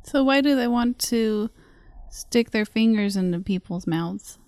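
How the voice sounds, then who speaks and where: A woman's voice: on the high side, measured pace, a little mellow, clean tone, no echo. A woman co-hosting a comedy podcast, riffing playfully in improvised banter into a close mic.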